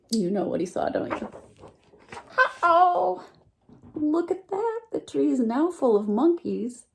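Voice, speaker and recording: A woman teacher reading a picture book aloud to children, animated and full of questions for her listeners. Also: mid-range voice, gravelly, slight background noise. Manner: animated, asks listeners questions, lively voice swings.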